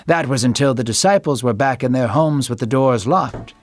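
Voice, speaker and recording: A man narrating a scripted Bible story in a steady storytelling manner. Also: medium pitch, normal speed, no room sound, faint music behind.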